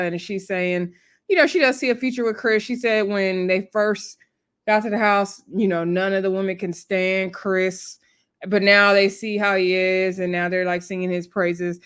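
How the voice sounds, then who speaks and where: A woman's voice: mid-range voice, steady tone, normal speed, a bit bright, smooth. A woman hosting a casual, chatty recap of a reality TV episode, talking in a laid-back way with laughing asides and lots of fillers.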